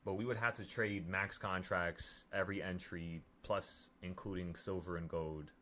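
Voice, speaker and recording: A man's voice: deep voice, steady tone, moderate pace, a bit bright, a little hiss or hum. A young man from New York talking casually to his viewers, working out trading profits and taxes aloud in a blunt, pumped-up way. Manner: talks through sums aloud, blunt and pumped up. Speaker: trading vlogger.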